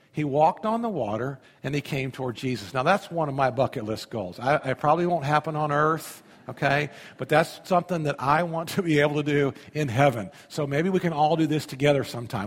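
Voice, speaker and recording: A man pastor gives a chatty sermon, often turning to the congregation with questions. His voice is slightly high and a bit husky. A long reverb hangs around every phrase. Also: lively intonation, a little fast. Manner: conversational, asks the audience questions.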